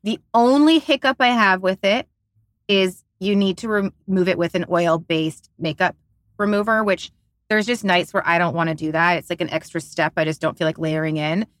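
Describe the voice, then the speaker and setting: A woman with a lowish voice tells stories in a lively, teasing way, jumping between anecdotes and makeup tips. She sits a little back from the mic, and the sound stays dry. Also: normal speed, no echo. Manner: animated storyteller, playful and teasing. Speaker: podcast co-host. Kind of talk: casual beauty podcast chat.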